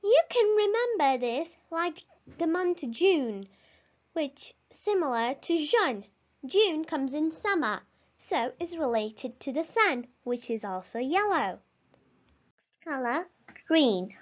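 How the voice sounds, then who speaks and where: A woman's voice: high voice, sing-song, slow pace. A woman teaching a language lesson, pronouncing words carefully and encouraging the listener to repeat after her. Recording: slightly dull lo-fi recording.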